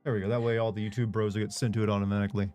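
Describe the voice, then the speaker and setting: Mellow man streaming a game. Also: on the low side, very fast, faint music behind. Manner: relaxed, chatty, thinking aloud. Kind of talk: casual gameplay commentary.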